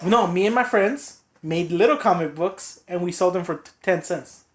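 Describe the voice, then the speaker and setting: A young man chatting on a podcast, telling rambling stories and acting out other people's lines in high voices. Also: moderate pace. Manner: rambling storyteller who acts out quotes in high voices. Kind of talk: casual podcast chat. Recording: roomy echo.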